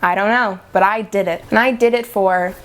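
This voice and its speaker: Sarcastic, animated young woman ranting. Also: moderate pace. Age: young adult. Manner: sarcastic, dramatic; animated, with sudden jumps in pitch. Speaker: vlogger. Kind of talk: casual movie rant.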